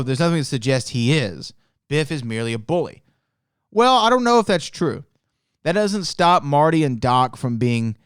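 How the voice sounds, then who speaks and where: A man's voice: a little high, no echo, clean studio sound. A man hosting a solo podcast, reading out claims and rebutting them with exasperated, rising indignation. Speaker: podcast host.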